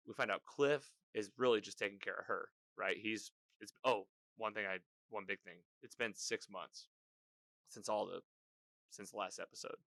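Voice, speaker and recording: A man hosting a podcast, recapping a TV season in casual, rambling chat full of fillers and quick quoted lines. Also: on the low side, vocal fry, a bit bright, no room sound. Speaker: podcast host.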